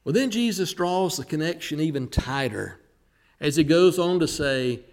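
A man preaching a sermon, who slows down and leans hard on the words he wants to stress. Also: fairly high pitch, expressive.

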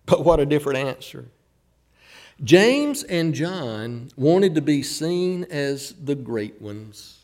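A man preaching a sermon, retelling a scripture story with acted quotes and dramatic pauses. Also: on the high side, sing-song, darkish tone.

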